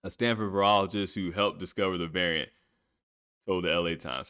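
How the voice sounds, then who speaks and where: A man's voice: on the low side, fairly quick, fairly bright tone. A man hosting a solo podcast, ranting with profanity and laughing at his own remarks. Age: adult with children. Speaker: podcast host. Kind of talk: solo opinion podcast rant.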